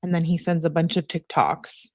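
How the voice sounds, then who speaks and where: A woman's voice: low-pitched, moderate pace, a little mellow. A woman hosting a true crime channel, reading text messages aloud and breaking in with blunt, incredulous comments.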